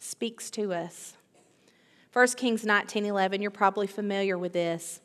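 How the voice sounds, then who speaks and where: A woman's voice: medium pitch, steady tone, normal speed, a bit bright. A middle-aged woman preaching a sermon, emphatic, repeating key phrases and building in intensity. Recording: long reverb of a large hall.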